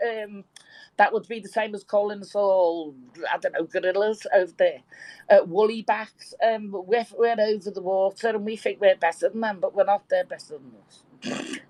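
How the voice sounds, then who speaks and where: In a live audio chat room, a sixty-something woman from Birkenhead, England, makes casual chat with bawdy stories and easy laughs. Her accent is English with a London tinge, and her mid-range voice is steady, slightly mellow and moderately paced. The audio quality is poor.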